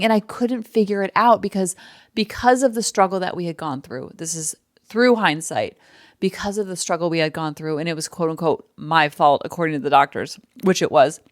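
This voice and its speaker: A woman in her thirties hosting a podcast, talking candidly and emotionally in a casual personal monologue with quick asides. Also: medium pitch, no echo, clean studio sound. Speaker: podcast host.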